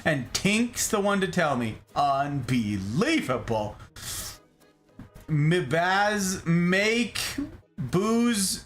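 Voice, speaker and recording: Man, playful streamer, lively swooping pitch, fairly high voice, faint music behind. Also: extremely slow. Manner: playful, animated, greets viewers by name. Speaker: streamer host. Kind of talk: casual chat reading live chat.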